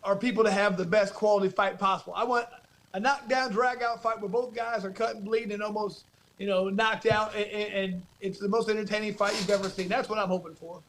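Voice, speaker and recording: Man, podcast co-host, animated, high-pitched voice. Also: brisk. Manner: animated storyteller. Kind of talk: casual podcast chat.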